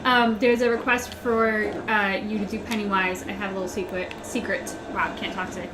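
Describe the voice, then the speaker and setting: A woman's voice: mid-range voice, flat delivery, moderate pace. Playful woman, echoey noisy room. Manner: playful, teasing, many ums. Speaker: livestream co-host. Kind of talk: casual gaming livestream chat. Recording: echoey room with clear background noise.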